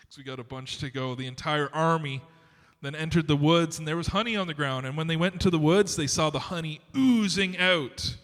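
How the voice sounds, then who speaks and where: Male pastor, animated sermon delivery, bright tone, church hall reverb. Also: a little high. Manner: conversational, animated, acts out scripture scenes. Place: church sanctuary.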